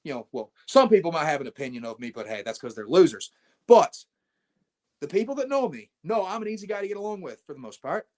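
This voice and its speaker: A man with a voice pitched a little above most men's. He tells a story in an interview in a blunt, animated way, and he acts out his own lines as he goes. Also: fast. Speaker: wrestler guest.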